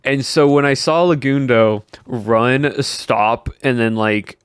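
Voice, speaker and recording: A man's voice: mid-range voice, slow, smooth, no room sound, clean studio sound. A young man streaming, chatting casually with his viewers in a rambling way and answering their comments as he goes. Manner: rambling, answers chat between stories. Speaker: livestreamer.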